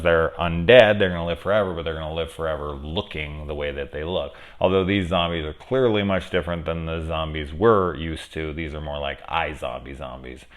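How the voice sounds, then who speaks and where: A low-voiced man talks through a horror episode in a loose, rambling way at home, close to his camera. He swears freely and slips into the characters' lines as he retells scenes. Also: a bit bright. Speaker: horror TV reviewer. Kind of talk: casual spoken episode review. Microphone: camera mic very close.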